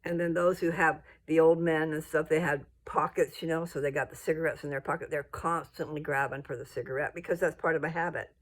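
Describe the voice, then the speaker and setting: An older woman ranting bluntly to her viewers, scolding and rambling, with her voice jumping up into high indignant peaks. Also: fairly even intonation, fairly quick, hardly any pauses. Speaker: vlogger. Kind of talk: casual rant to camera.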